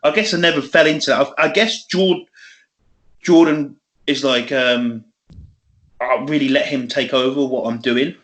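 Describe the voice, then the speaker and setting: A man's voice: mid-range voice, moderate pace, fairly bright tone. A man, rambling in casual chat as a podcast co-host, swearing often and laughing. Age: 20s.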